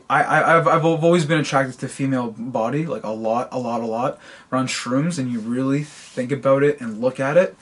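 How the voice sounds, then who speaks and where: A man's voice: mid-range voice, husky. Stammering young-sounding man telling stories. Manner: stammers and repeats words while telling stories. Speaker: podcast co-host. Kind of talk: casual storytelling chat.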